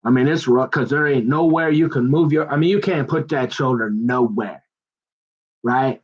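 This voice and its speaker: A man's voice: medium pitch, normal speed, muffled recording. A middle-aged man rambling in casual, digressive chat with folksy turns of phrase. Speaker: vlogger.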